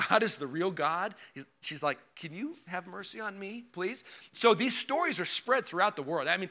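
A man preaching a sermon in a conversational, animated way, quoting scripture with emphasis. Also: fairly high pitch. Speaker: pastor.

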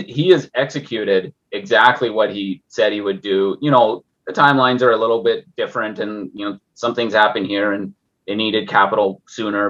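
Rambling low-voiced man, lots of "like". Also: a bit bright, slightly rough, muffled recording. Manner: rambling, full of "like" and restarts. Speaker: guest investor. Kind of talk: casual podcast conversation.

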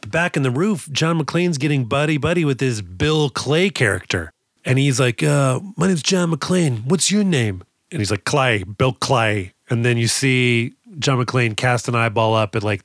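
Excitable, profane male podcast co-host. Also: medium pitch, no echo, studio quality. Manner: fast, profane, excitable, full of mock impressions. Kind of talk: movie podcast chat.

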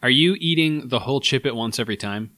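Playful bright-voiced man, dry mic. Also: medium pitch, expressive, quick pace, dry recording. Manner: playful, laughs easily. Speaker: podcast co-host. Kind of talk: casual chat.

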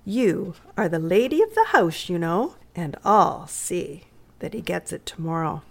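A woman's voice: on the low side, very animated, measured pace, gravelly, full character voice. A woman voicing a kindly, dry-humoured doctor father in a readers' theatre story reading.

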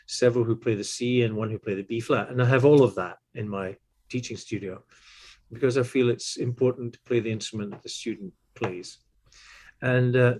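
A man in his sixties, a tuba player and teacher, telling stories in a relaxed, animated way and acting out the voices he quotes. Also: mid-range voice. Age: 60s. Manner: animated, acts out quoted voices, chuckles often. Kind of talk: relaxed anecdotal storytelling.

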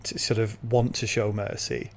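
A man with a fairly low voice, explaining his view earnestly and at length in a relaxed conversation. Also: moderate pace. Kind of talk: casual discussion.

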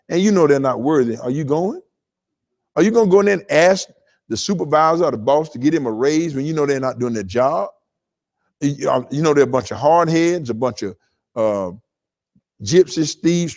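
A man's voice: on the high side, a little mellow. A man preaching a sermon as pastor, calling on the congregation to talk back and repeating words as he builds emphasis. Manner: call-and-response preaching to a congregation; stammering repetitions while building emphasis.

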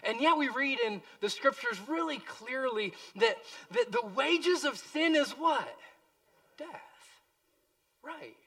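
Impassioned male pastor, bright voice. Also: very high-pitched, lively intonation, a little slow, hardly any pauses, far from the mic. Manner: impassioned, swings from hushed to loud. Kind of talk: sermon.

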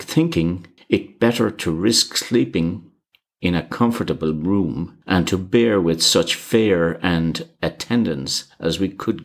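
A man narrating an old travel story in a measured, formal reading. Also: deep voice.

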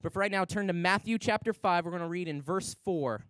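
Animated young pastor, dry sound. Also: male voice, high-pitched, a little fast, clean tone, dry recording. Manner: animated storyteller, acts out voices. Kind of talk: sermon with storytelling. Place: large church worship center.

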